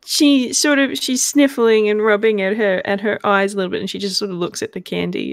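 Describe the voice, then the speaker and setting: A woman narrating as game master in a tabletop game, gently and with laughter. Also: medium pitch, fairly even intonation, fairly quick, vocal fry, hardly any pauses, no echo, studio quality.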